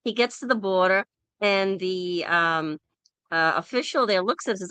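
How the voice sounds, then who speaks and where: A woman's voice: medium pitch, normal speed, clean tone, no echo. A woman hosting a casual group discussion over an online call, telling stories and acting out the people in them. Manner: animated storyteller who acts out quoted people.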